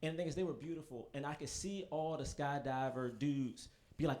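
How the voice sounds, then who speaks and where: A young man performing a stand-up comedy set, telling profane, animated stories with quick asides to the audience. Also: a little high. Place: comedy stage in front of a live audience.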